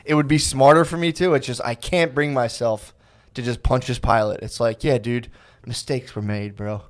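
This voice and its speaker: A man's voice: mid-range voice, fairly even intonation. A man co-hosting a comedy podcast in casual chat, rambling and restarting often, mock-earnest and jokingly self-pitying. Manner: rambling, halting, with many restarts and fillers. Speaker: podcast co-host.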